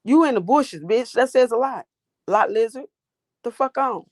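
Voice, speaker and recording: A woman's voice: a little high, expressive, normal speed, darkish tone, no echo, clean studio sound. A woman hosting a livestream, ranting and talking back to her chat in a profane, confrontational way. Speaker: livestream host.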